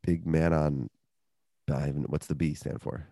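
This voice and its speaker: A man's voice: very deep voice, normal speed, creaky, no room sound, studio quality. A man co-hosting a podcast, joking and rambling through a casual ad read and sports chat. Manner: jokey, rambling, lively. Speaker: podcast co-host.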